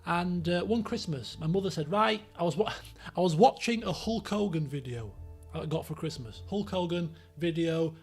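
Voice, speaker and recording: A man in his thirties tells rambling anecdotes on a live stream and acts out the people in them. His voice sits high for a man, with a gravelly, husky edge. Faint music plays behind him. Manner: animated, rambling anecdotes with acted-out quotes. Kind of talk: casual storytelling on a live stream.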